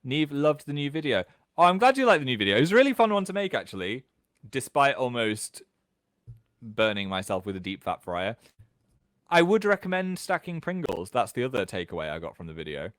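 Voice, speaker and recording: A British man in his thirties hosting a casual livestream from home, chatting and reading out viewer comments in an animated way. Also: no room sound, clean studio sound. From England. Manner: chatty, animated, quick jumps in pitch. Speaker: livestream host.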